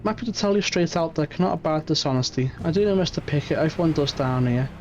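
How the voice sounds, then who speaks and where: A man's voice: a little high, fast, a little mellow, lightly acted. A man voicing a seasoned old sailor in a game reading, telling his tale matter-of-factly. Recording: muffled stream audio, faint music.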